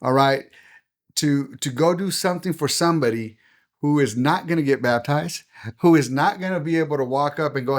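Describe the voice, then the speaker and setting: Speaking at a normal speed in a slightly high voice, a pastor from the United States talks as a podcast guest. The conversation is casual, yet he stays earnest and preacherly, acting out the lines of people he quotes.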